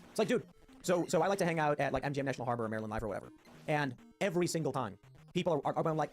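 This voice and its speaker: A man hosting a political talk show, talking quickly and emphatically and acting out quoted voices. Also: on the high side, animated, darkish tone, soft background music. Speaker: podcast host.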